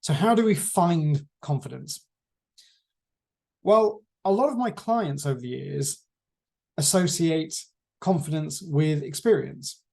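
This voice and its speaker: A man teaching a class on presentation skills, lecturing in a measured way with deliberate pauses. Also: fairly high pitch, vocal fry, a little mellow.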